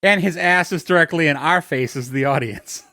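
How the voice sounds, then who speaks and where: A man's voice: a little high, moderate pace, bright, forceful tone, no room sound, clean studio sound. A man co-hosting a podcast, making wry joking asides. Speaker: podcast co-host. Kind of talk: casual chat.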